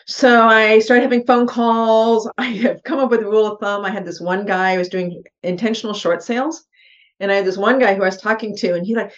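A woman's voice: on the high side, brisk. A middle-aged woman, a podcast guest, earnestly telling a personal story and acting out her own thoughts in quotes. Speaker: podcast guest, real estate investor. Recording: slightly dull, muffled podcast audio.

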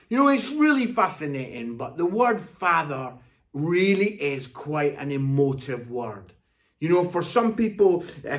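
A man with a Scottish accent giving a Father's Day sermon, telling stories in an animated way before turning soft and earnest. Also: fairly high pitch. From Scotland. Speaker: pastor.

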